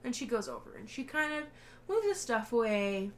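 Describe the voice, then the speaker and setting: Animated, foul-mouthed woman co-host. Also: fairly high pitch, moderate pace, a little hiss or hum. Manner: animated, profane retelling with laughter. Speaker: podcast co-host. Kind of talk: casual film discussion.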